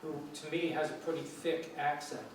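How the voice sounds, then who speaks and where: A man's voice: fairly high pitch, moderate pace. Chatty lecturer man, echoey distant room. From New York City. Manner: relaxed, chatty, many fillers and restarts. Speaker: guest lecturer on English. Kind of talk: informal classroom talk. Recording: echoey room, from afar, faint hiss.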